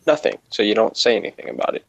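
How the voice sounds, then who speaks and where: A man's voice: lowish voice, wildly swooping pitch, very fast, creaky, no echo, poor audio. A man in a casual online hangout chat, talking in a profane, scoffing way and laughing often, on a video call mic.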